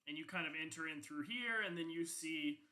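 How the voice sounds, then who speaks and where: Ein junger Mann, der als Spielleiter locker und ausschweifend eine Tischrollenspiel-Szene erzählt, mit vielen Füllwörtern und Flüchen. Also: male voice, on the high side, a little fast, sharp tone, rough recording. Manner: casual, rambling with many fillers and profanity. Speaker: game master. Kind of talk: narrating a tabletop game.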